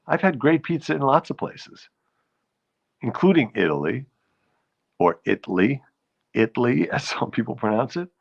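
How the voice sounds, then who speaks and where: A man's voice: mid-range voice, big pitch swings, normal speed, gravelly, husky, dull audio. A man with a New York accent, from the Bronx, hosting a casual live stream, rambling and greeting viewers between thoughts. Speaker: host.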